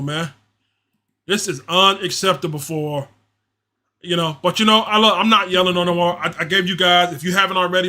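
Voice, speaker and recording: On a fan livestream, a man calls the action casually and vents in slangy, repetitive frustration. His voice runs high, bright, and forceful.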